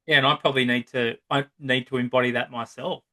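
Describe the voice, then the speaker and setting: Give me an Australian man, somewhere between his thirties and fifties, rambling through a relaxed podcast chat. He speaks at a middle pitch and keeps asking "right?" as he goes. He slips into other people's voices to act out examples. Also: quick pace. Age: 30s to 50s. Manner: long-winded, acts out quoted voices, frequent "right?". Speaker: psychotherapist guest. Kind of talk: casual podcast conversation.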